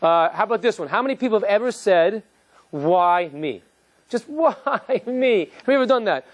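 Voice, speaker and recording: A man, a rabbi, giving an animated, joking lecture and quizzing his live audience. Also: high voice, very fast, no echo.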